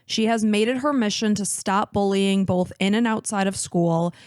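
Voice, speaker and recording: A woman's voice: mid-range voice, normal speed, a little mellow, clear, resonant tone, dry recording. Woman, 30s, podcast host, emotional, teary, dry recording. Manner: emotional, talks openly about crying. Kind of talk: casual chat and case narration.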